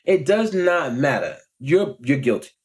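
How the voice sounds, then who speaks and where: A man, telling a story in a casual, animated vlog rant and often checking in with the listener. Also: on the high side, a little slow. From Long Island, New York. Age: 40s. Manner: animated, acts out quoted voices, frequent "you know what I'm saying". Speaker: vlogger.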